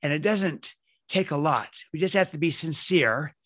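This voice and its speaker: A man's voice: fairly high pitch, expressive, moderate pace, a bit bright, breathy edge, no room sound, clean studio sound. A man being interviewed as an author, telling family stories in an earnest way. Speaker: guest author. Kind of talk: podcast interview.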